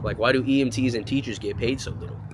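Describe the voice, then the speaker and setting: A man's voice: medium pitch, steady tone, fast. A man in his twenties from the United States, talking in a casual, rambling vlog monologue, profane and joking, with lots of "like" and "you know". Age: 20s. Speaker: vlogger. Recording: noisy outdoor street ambience.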